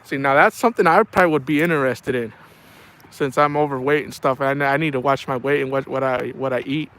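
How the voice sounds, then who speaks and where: A man's voice: medium pitch, fast talker, fairly bright tone. A middle-aged man chatting casually on a livestream, telling rambling stories and saying "man" a lot. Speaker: livestream host.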